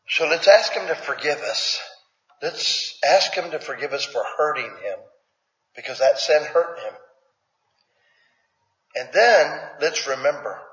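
A man's voice: medium pitch, a bit bright. Preacher man in an echoey hall. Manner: conversational, asks the congregation questions; plainspoken, folksy. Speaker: pastor. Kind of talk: sermon. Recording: echoey hall, dull lo-fi sound.

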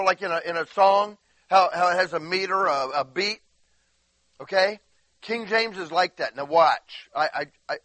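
A man's voice: high voice, pushed and bright, no echo. A man preaching a casual, rambling sermon to a church, often asking the congregation questions. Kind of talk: conversational sermon. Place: church sanctuary.

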